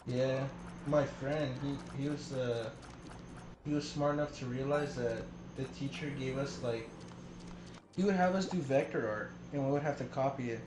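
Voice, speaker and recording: A man's voice: medium pitch, normal speed. A young man chatting casually on a stream, rambling through stories and acting out the quotes in them. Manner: rambling, acts out quotes in story. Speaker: stream co-host. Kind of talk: casual chat and storytelling. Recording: echoey room with loud background noise.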